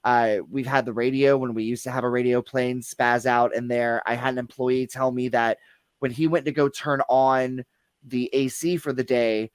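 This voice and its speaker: A man's voice: medium pitch, flat delivery, normal speed, clear, resonant tone, no echo. A man, a guest who works at the theater, telling ghost experiences in a casual chat, full of restarts and fillers. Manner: rambling, many restarts and fillers. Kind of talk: casual paranormal discussion.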